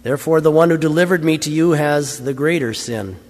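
Male reader voicing a grave, calm prisoner, quiet and lowered, long church echo. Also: brisk. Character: calm, grave condemned man.

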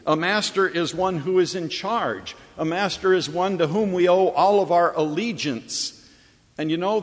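Pastor preaching in an echoing hall. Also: male voice, medium pitch, a bit bright. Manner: earnest storytelling, rising to emphatic repetition. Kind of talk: sermon. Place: church or chapel.

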